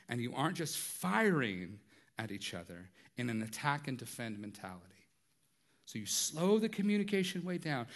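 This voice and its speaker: A man's voice: medium pitch, fairly bright tone. A man preaching a sermon in a conversational way, with light humor and frequent rhetorical asides. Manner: light humor, acts out everyday dialogue. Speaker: pastor.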